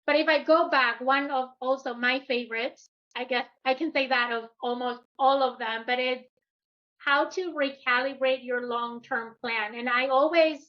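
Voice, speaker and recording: A woman with a high, bright voice hosts a podcast interview and answers her guest with encouraging follow-ups. The recording sounds slightly dull and lo-fi. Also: fairly even intonation, normal speed. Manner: engaged, affirming interviewer. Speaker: podcast host.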